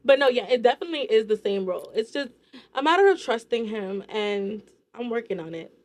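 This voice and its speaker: A woman's voice: fairly high pitch, sing-song, brisk. A young woman, a guest entrepreneur, talking casually about faith in a rambling way, with lots of "like.". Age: young adult. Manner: rambling, heavy use of "like".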